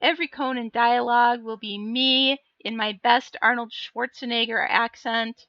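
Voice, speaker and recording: A woman's voice: a little high, steady tone, moderate pace, bright, forceful tone, dry recording, lo-fi sound. A woman streamer chatting casually on a live stream, laughing often and answering her viewers. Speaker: live streamer and miniature painter.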